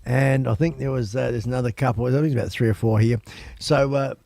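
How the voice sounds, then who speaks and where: A man's voice: medium pitch, steady tone, quick pace, vocal fry, warm tone, no echo. A man hosting a live stream, chatting casually and rambling with lots of ums and uhs. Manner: easygoing, swears casually.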